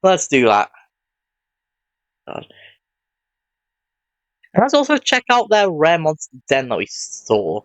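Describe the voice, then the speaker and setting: A man's voice: a little high, huge pitch swings, takes it slowly, long pauses, fairly bright tone, no room sound. A man giving casual let's-play commentary, rambling and often correcting himself mid-sentence.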